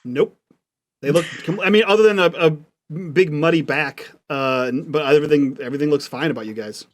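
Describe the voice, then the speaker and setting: A man as game master, narrating scenes in a halting way with many ums and uhs. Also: on the high side.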